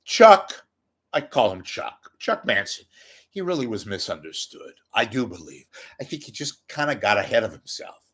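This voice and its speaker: A man's voice: fairly low pitch, big pitch swings, normal speed, fairly bright tone, husky. A man giving a rambling, self-mocking comedic monologue to his viewers, often swearing. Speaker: YouTube commentator.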